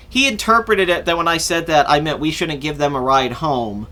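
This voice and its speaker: A young man with a high, bright voice tells a long story on his podcast. He rambles through it casually, swears freely and acts out what people said along the way. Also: normal speed. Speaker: podcast host.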